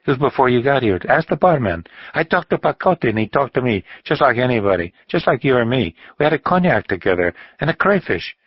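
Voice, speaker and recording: A man's voice: mid-range voice, very animated, a little fast, hardly any pauses, breathy edge, dry recording, dull audio, pitched above the performer's own voice. A man reading an audiobook and voicing an eager little older man who insists he spoke to the bullfighter. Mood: excited. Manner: eager, insistent, rising to exclaim.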